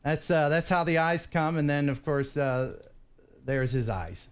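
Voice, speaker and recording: A man hosting a live drone stream in casual chat, excitable and quick to laugh, thanking viewers effusively. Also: on the high side, smooth. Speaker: host.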